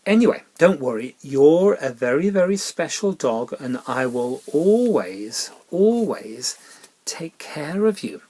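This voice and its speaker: A man giving a gentle children's Bible talk with a puppet, soft and coaxing like a parent, often dropping into whispered asides. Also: fairly high pitch, very animated, slow pace.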